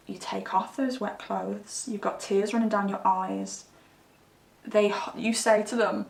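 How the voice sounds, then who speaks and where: A woman's voice: medium pitch, level tone, unhurried, vocal fry. Woman tarot reader, chatty and giggly, recorded from a distance in a reverberant room. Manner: giggly, chatty, breaks into laughter. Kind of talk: casual tarot reading monologue. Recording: echoey room, mic at a distance.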